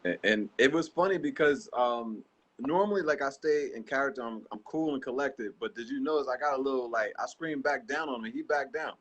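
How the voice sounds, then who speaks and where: A man in a casual chat who talks in a defiant, animated way. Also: mid-range voice, brisk, highs cut off.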